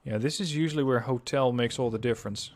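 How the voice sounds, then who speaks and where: A man co-hosting a game replay, giving steady analytical play-by-play. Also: medium pitch, fast. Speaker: co-host. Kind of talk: casual replay commentary.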